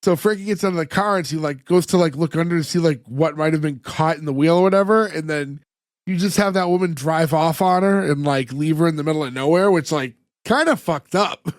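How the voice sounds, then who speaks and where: A man with a fairly high voice co-hosts a casual podcast chat, rambling through scene recaps with lots of filler words. The sound is dry and close, with no room around it. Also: fairly quick, no echo. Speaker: podcast co-host.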